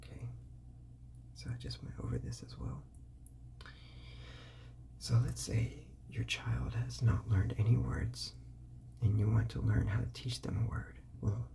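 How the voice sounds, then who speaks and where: A soft ASMR whisper, dark and mellow, full of gravelly vocal fry at the edges. The host speaks casually, with ums and restarts, and slows right down to sound out simple words one piece at a time. It stays hushed throughout, like a quiet explanation. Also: mid-range voice. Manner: casual, with fillers and self-corrections. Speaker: ASMR host giving parenting advice.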